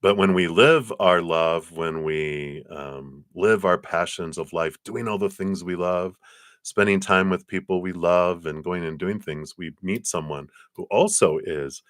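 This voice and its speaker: A very deep-voiced man gives a relaxed, chatty live tarot reading, laughing easily and reading card texts aloud. His voice sits close and dry on the mic, with hardly any room sound. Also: measured pace, no room sound.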